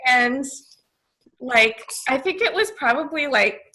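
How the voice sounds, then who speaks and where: A young woman tells her story on a podcast in a bubbly, giggly way, leaning on "like" as she goes. Her voice sits high and swings widely in pitch. The tone is bright. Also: lively intonation, takes it slowly, low-quality recording. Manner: bubbly, giggly, says "like" a lot. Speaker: podcast guest. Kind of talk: casual storytelling.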